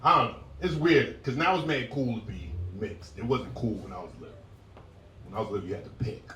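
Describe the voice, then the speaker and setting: A man's voice: medium pitch, fairly quick, a bit bright, slight background noise. A male stand-up comedian doing a profane set with crowd work, breaking into acted voices. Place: live comedy show with passersby nearby. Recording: roomy live sound from a distant mic with audience.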